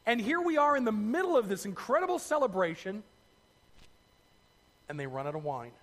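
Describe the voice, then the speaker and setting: A man preaching a sermon, telling the story in a lively way with asides to his listeners. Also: sits high, normal speed, in a large hall. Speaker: pastor.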